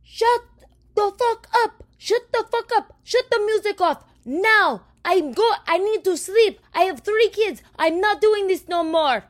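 A woman putting on a furious shouting male neighbor who yells threats. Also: extremely high pitch, expressive, unhurried, voice pushed up. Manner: yelling, threatening.

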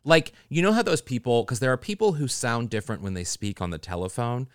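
A man's voice: mid-range voice, lively intonation, a little fast, clear, resonant tone, no echo, clean studio sound. A man co-hosting a podcast, chatting wryly, laughing often and mimicking voices. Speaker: podcast co-host. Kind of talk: casual chat.

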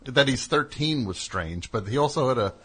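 A man's voice: mid-range voice, expressive, moderate pace, a bit bright, breathy edge. A man hosting a comedy call-in radio show, asking a caller questions in a dry, bemused way. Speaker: radio host.

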